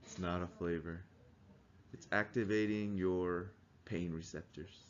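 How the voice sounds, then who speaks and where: A man's voice: low voice, fairly even intonation, a little slow, highs cut off, slight background noise. A man teaching a class, explaining things in a conversational way and asking the students questions. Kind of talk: classroom lecture.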